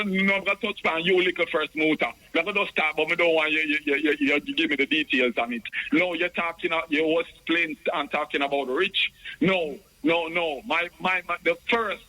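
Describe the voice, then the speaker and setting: A Jamaican man calls in to a radio show and rambles, circling back and stammering through restarts. His voice sits high for a man and sounds bright and sharp. He keeps talking past the host, repeating himself as he goes. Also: poor audio. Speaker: radio caller. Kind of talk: call-in radio talk.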